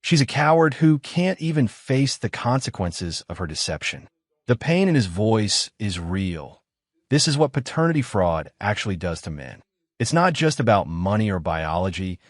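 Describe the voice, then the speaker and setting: A man's voice: lowish voice, sing-song, moderate pace, no echo, clean studio sound. A man narrating commentary over clips in a blunt, judgmental tone.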